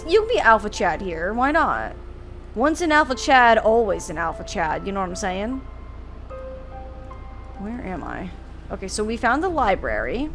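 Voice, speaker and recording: A woman gaming streamer giving casual, giggly, playful commentary while she plays. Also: a little high. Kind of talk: casual let's-play commentary. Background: faint game music.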